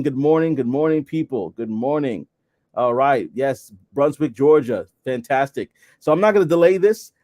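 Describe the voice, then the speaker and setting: A man's voice: medium pitch, darkish tone, no echo. Upbeat man hosting a live stream. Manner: upbeat and enthusiastic, greets viewers one by one. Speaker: host of a live show. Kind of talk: live-stream chat reading viewer comments.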